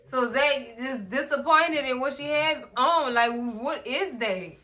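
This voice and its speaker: A woman in casual recap commentary, animated and sassy, often talking straight to the characters. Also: high voice, slow. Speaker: recap vlogger.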